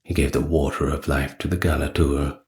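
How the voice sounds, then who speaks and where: A man narrating old myths in a soft-spoken, calm ASMR storytelling style. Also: a bass voice. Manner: slow, calm, even reading of ancient myth.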